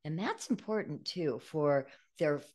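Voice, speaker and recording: A woman's voice: deep voice, lively intonation, measured pace, a little mellow. An older woman, a book author, earnestly telling an emotional personal story in a podcast interview. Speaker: guest author.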